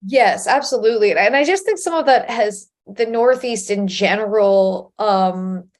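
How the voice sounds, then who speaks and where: Quick, laughing comedian woman from Long Island. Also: mid-range voice. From Long Island, New York. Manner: quick, laughs often, sarcastic asides. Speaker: stand-up comedian and comedy writer. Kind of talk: casual interview chat.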